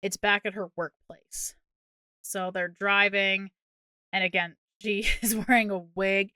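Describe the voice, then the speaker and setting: A woman co-hosting a movie podcast, recounting a film's plot in casual, exasperated, animated chat with plenty of swearing. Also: medium pitch, a little slow, clear, resonant tone, no room sound, studio quality. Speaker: podcast co-host.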